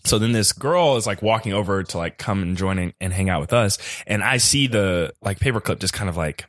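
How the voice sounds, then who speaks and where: A man on a studio mic, a podcast guest telling a comedic story casually with lots of fillers, jumping high when he quotes people. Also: lively intonation, a little fast, fairly bright tone, no echo. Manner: loose, filler-heavy telling that jumps high for quoted voices.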